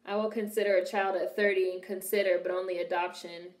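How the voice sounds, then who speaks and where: A woman's voice: on the low side, little pitch movement, fast talker. Blunt, wisecracking young woman in a roomy room. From Washington, D.C. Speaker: host reacting to a film. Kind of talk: casual film reaction commentary.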